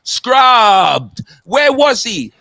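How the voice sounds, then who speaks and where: High bright London man cracking football jokes. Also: sing-song, creaky, dry recording, clean studio sound. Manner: rapid slangy banter, sing-song punchlines. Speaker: football banter host. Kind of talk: comedic football banter.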